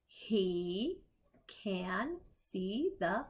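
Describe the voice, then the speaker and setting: A woman teaching young children letter sounds, reading picture books aloud and sounding out each letter slowly. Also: medium pitch, animated, breathy edge. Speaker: preschool teacher. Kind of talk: children's phonics lesson.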